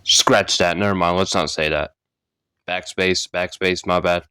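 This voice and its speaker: A young man improvising a silly creepypasta story, rambling and correcting himself with jokes, his voice slightly hoarse. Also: deep voice, fairly even intonation, measured pace, pushed and bright, no echo. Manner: rambling, self-correcting, jokey. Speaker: narrator.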